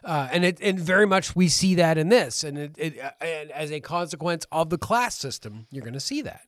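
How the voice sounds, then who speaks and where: A man's voice: on the high side, animated, brisk, fairly bright tone, no echo, studio quality. Rambling Maritime Canadian podcast man. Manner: thoughtful, rambling, searching for words. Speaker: podcast co-host. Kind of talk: casual film discussion.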